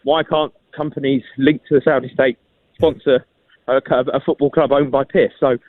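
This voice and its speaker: A football journalist talking as a guest in a radio phone interview, speaking quickly with many restarts and repeated words. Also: male voice, mid-range voice, fairly even intonation. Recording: tinny phone line.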